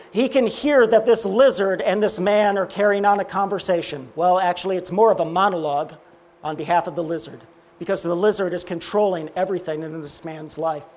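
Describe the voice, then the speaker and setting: A man preaching, telling a parable and acting out its dialogue, often dropping low and quiet. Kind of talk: sermon storytelling.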